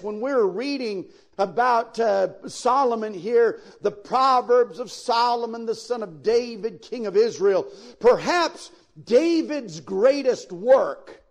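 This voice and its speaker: A man's voice: very high-pitched, a little slow, vocal fry. A man preaching a sermon as pastor, speaking directly to his listeners and swelling into sudden emphatic peaks. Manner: folksy, addresses listeners directly.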